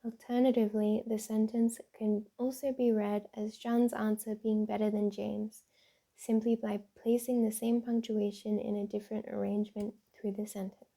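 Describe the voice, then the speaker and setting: Asmr lady reading tongue twisters soft, super mellow dark tone, medium pitch. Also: level tone, moderate pace. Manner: reads aloud carefully, repeating word games and tongue twisters. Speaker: ASMR creator.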